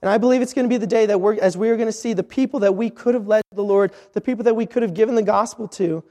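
A man's voice: high-pitched, very fast, warm tone. A man preaching a missionary sermon, earnest and repetitive, often restarting his sentences. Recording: long hall reverb.

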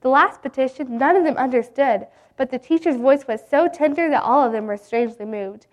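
A woman reading a Bible story aloud in an earnest, gentle way. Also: high voice, fairly quick, dull audio.

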